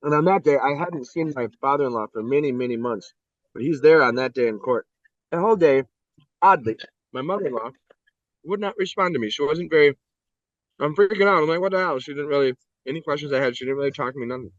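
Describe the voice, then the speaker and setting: A middle-aged man from the United States, an interview guest telling his story candidly in a blunt, profane, animated way. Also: a little high, fast, dry recording, highs cut off.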